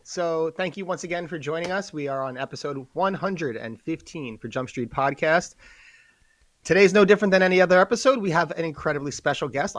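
A young man with a New York accent, co-hosting a podcast in an energetic, hyped-up chat. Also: fairly high pitch, dry recording. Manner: energetic, hyped-up promo delivery. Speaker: podcast co-host.

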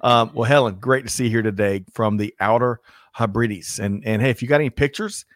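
A man's voice: lowish voice, fairly quick, no room sound, studio quality. A man co-hosting a business livestream, greeting viewers by name with upbeat, joking banter. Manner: energetic, reads out viewer names, jokey. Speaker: livestream co-host. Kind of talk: upbeat live show banter.

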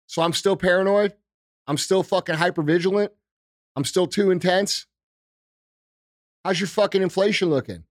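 A man's voice: high voice, normal speed, long pauses, dry recording, studio quality. A man hosting a podcast, ranting with heavy swearing and repeated rhetorical questions. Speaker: podcast host. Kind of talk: profane political rant.

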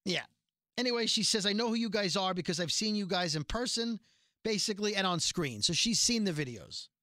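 A man's voice: high voice, fairly quick, no echo, studio quality. A man co-hosting a podcast, casually recapping a TV episode, reading lines out and swearing along the way. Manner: recounts scenes, reads lines out flatly, swears. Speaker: podcast co-host.

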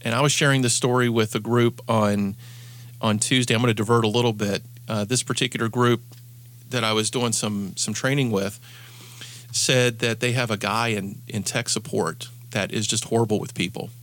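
A man's voice: on the low side, fairly even intonation, normal speed, fairly bright tone. A man hosting an advice show as a coach, telling stories earnestly and often restarting his sentences. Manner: earnest storytelling, frequent restarts. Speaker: podcast host and coach.

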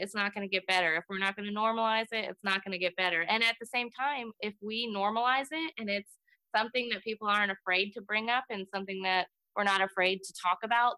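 A woman's voice: medium pitch, sharp tone, dry recording. A woman in her thirties speaking earnestly and reflectively as a guest in an interview chat. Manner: earnest and reflective, laughs easily. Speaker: podcast guest.

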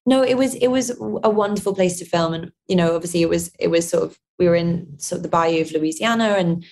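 Hesitant young London actress, laughing softly. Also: female voice, fairly low pitch, a little fast, a little hiss or hum. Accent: London English. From London, England. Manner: hesitant, many restarts and soft laughs. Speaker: actress, interview guest. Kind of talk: casual interview answers.

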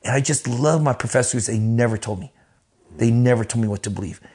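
A man telling stories as an interview guest, animated and profane, acting out the voices of the people he quotes. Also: medium pitch, brisk. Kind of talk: casual storytelling in an interview.

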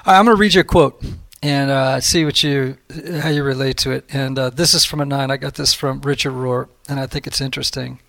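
A man's voice: medium pitch, steady tone, fairly quick, gravelly, few pauses, a bit bright. A man hosting a conversational podcast, encouraging and exclamatory, prone to laughing.

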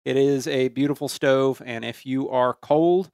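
A man's voice: mid-range voice, steady tone, unhurried, creaky, darkish tone, clear, resonant tone, no room sound, clean studio sound. A man co-hosting a casual podcast, reading listener listings aloud and carefully spelling out handles letter by letter.

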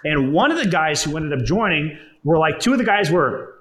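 A man's voice: on the high side, sing-song, moderate pace, fairly bright tone. A young man, an entrepreneur, telling his own story in a blunt, profane, conversational way, full of "like" and "right?". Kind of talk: personal storytelling talk. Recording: roomy echo.

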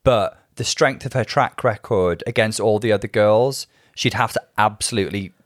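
A man's voice: lowish voice, normal speed, no echo, clean studio sound. A man co-hosting a podcast, chatting casually and telling stories with frequent laughs. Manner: chatty, giggly storyteller. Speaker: podcast co-host. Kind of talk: casual chat.

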